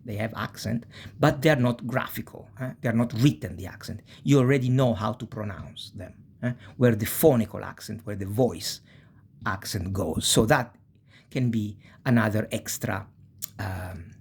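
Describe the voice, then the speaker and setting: Man, Italian accent, language teacher, very slow, husky, syllable by syllable. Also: on the low side. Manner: slow, spells out syllables, tags with "eh?". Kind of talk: language lesson.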